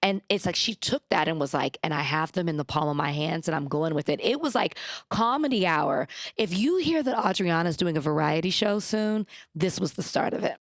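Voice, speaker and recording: A woman's voice: lowish voice, brisk, no room sound. A woman in her thirties, co-hosting a casual chat, tells stories with plenty of life and slips into voices when she quotes people. The sound is close and dry, with no room around it. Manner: animated storytelling with quoted voices. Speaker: podcast co-host.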